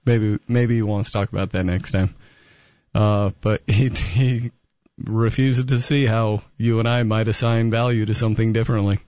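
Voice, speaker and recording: A man's voice: fairly low pitch, steady tone, normal speed, a little mellow, no echo, highs cut off. Reasoning male talk radio host. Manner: reasoned, amused.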